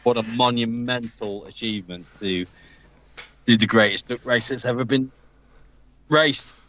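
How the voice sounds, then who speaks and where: A man's voice: medium pitch, measured pace, pushed and bright, poor audio. An Englishman co-hosting a livestream in casual chat, enthusiastically describing things in lavish terms. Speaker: livestream co-host.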